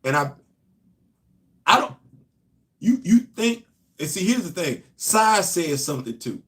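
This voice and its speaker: A man hosting a casual live-stream show, animated and laughing often as he chats about football. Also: high voice, unhurried. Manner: animated, laughing often, Southern colloquial talk. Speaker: show host.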